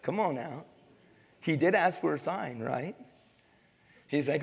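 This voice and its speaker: A male pastor preaches with swelling, dropping emphasis, now and then acting out the people in the scripture. His voice sits high and carries a gravelly edge, and it rings out with the long reverb of a large hall. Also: expressive, slow pace. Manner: preaching, rising and falling emphasis, voicing scripture figures. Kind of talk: sermon.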